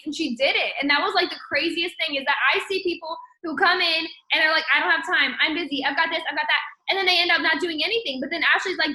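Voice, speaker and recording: A woman host with a high, bright voice, enthusiastic and encouraging as she chats. She is recorded in an echoey room. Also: fast. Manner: enthusiastic, encouraging, many fillers. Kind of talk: casual motivational chat.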